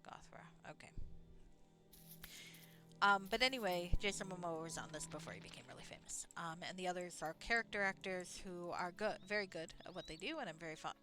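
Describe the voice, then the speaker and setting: A woman's voice: fairly low pitch, lively intonation, fairly quick, bright, forceful tone, faint music behind. A woman streaming a video game, talking in a rambling, chatty way, swearing casually and laughing often. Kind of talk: casual rambling commentary while playing.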